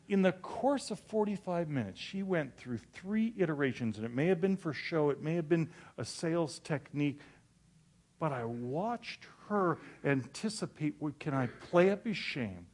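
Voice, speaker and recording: A male pastor giving a sermon, telling a story animatedly and laughing at himself. His voice sits a bit high for a man, and he stumbles and restarts his words as he goes. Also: unhurried. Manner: animated, stammering restarts, self-mocking.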